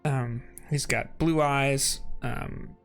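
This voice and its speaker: A man's voice: medium pitch, fairly even intonation, very slow, faint music behind. A man narrating as game master in a casual, rambling way, often laughing.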